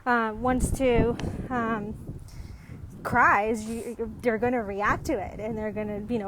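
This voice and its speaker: A woman with a fairly high voice talks casually to camera about parenting in a reflective monologue, slow and fairly even in intonation. She rambles, trails off into ums, and restarts sentences, yet stays earnest and grows more emphatic, with a faint hum of noise beneath her.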